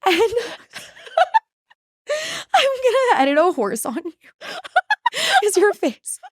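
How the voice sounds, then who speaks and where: A woman's voice: very high-pitched, wildly swooping pitch, slow, no echo, studio quality. A young woman hosting a podcast, telling a story in casual chat, rambling with lots of fillers, frequent laughs and free swearing. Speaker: podcast host.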